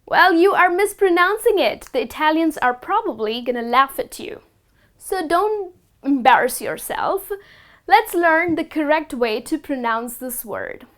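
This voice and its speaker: A woman teaching the correct pronunciation of food words, speaking slowly and deliberately and repeating each word with care. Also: sits high, lively intonation. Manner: instructive, slow and deliberate, repeats words carefully. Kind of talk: scripted lesson to camera.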